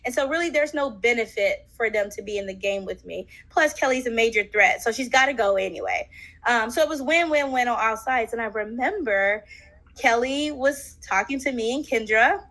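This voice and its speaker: A woman's voice: fairly high pitch, moderate pace, fairly bright tone, rough recording. A woman guest in an interview, telling her story casually and animatedly, acting out quotes with many fillers.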